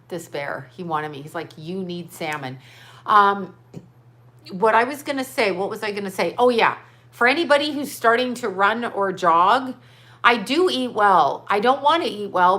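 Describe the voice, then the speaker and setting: This livestream host talks from home with a pushed, bright, mid-range voice. She rambles chattily, reading viewers' comments out loud and saying hello to them.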